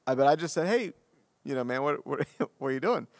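Animated storytelling pastor, dry close mic. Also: male voice, mid-range voice, fairly quick, gravelly, no echo. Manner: animated and self-deprecating, acting out the dialogue. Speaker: pastor and podcast co-host. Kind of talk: casual conversational storytelling.

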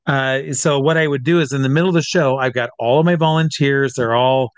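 A man working as a stage hypnotist, telling anecdotes in an interview in an animated way and acting out what others said. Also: medium pitch, brisk, smooth, no echo. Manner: animated, acts out quotes of others. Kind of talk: storytelling in a conversational interview.

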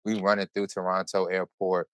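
A man hosting a podcast, telling a story in casual chat with animated, profane, run-on delivery. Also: low-pitched, moderate pace, clear, resonant tone, no room sound. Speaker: podcast host.

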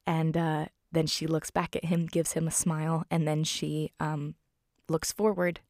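A woman's voice: sits low, flat delivery, moderate pace, gravelly, darkish tone, no echo, studio quality. A woman recapping a film in casual talk, heartfelt and rambling with many fillers. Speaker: film reviewer.

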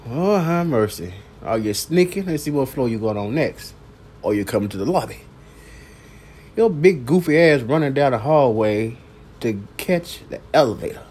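A man hosting a late-night solo podcast, talking slowly and profanely and returning again and again to one catchphrase. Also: medium pitch, animated, a little mellow, slight background noise. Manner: slow, profane, repeats a catchphrase; coughs now and then. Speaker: podcast host. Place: downtown building at night.

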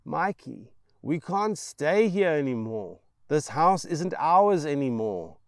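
A man puts on a distraught mother whose higher, lively voice strains with desperation. She pleads, then breaks into frantic shrieks. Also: takes it slowly, dry recording, studio quality, exaggerated voice. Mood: pleading.

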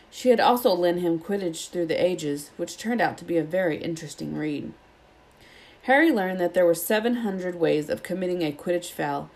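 Lowish woman reading a storybook aloud. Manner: steady, even storytelling. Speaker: audiobook reader. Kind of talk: reading a children's novel aloud.

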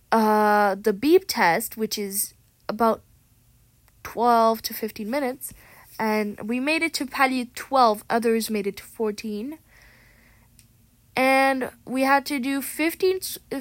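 A woman's voice: fairly high pitch, a bit bright, no room sound. A teenage girl ranting casually to camera as a vlogger, dramatic and sarcastic, often correcting herself mid-sentence, recorded on a tablet microphone. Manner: chatty, dramatic and sarcastic, with frequent self-corrections.

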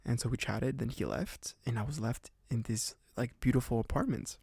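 Rambling young man with a gravelly voice. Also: mid-range voice, moderate pace, a little mellow, dry recording, clean studio sound. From Canada. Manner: rambling, heavy on "like" fillers, laughs often. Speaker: podcast host. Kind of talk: casual storytelling podcast.

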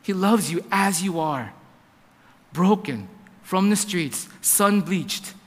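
A man's voice: high-pitched, expressive, slow pace, big-room sound. A man in his thirties, a pastor giving a sermon in a church, telling a family story with lots of quoted dialogue and stumbling restarts. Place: church sanctuary.

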